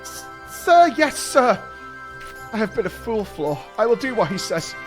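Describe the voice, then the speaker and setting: A man's voice: high-pitched, very animated, a little slow, soft background music. A man reading out the lines of a timid young soldier, hesitant and stammering. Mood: nervous.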